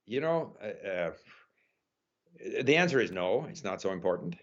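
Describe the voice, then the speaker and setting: A man giving thoughtful, conversational answers as an interview guest, pausing often with "uh" and "you know.". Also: on the low side, very animated. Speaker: interview guest, language learner. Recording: dull lo-fi audio.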